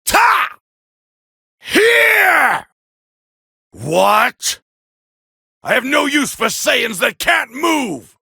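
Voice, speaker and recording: An actor playing an arrogant, proud alien warrior prince, barking boastful taunts and battle cries in gravelly video game voice clips. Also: male voice, extremely high pitch, sing-song, extremely slow, pauses often, bright, forceful tone, no room sound, shouting, clean studio sound, heavily acted. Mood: arrogant, furious. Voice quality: gravelly, raspy. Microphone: close studio mic, dry.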